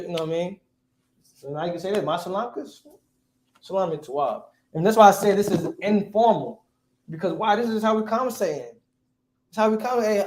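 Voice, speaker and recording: A man's voice: high-pitched, fast, a little mellow. A man teaching a class in a casual, slangy way, quizzing his students. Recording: echoey room.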